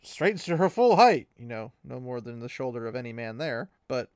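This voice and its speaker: A man hosting a casual podcast, recapping a book with animated energy and frequent laughs, close to the mic. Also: mid-range voice, brisk, clean tone, no echo. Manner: animated, laughing often, playful. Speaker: podcast host.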